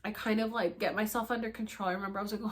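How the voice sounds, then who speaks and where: A young woman vlogger telling a story to camera in a casual, animated way, acting out her own past words with laughing and crying and casual swearing. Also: mid-range voice, fast.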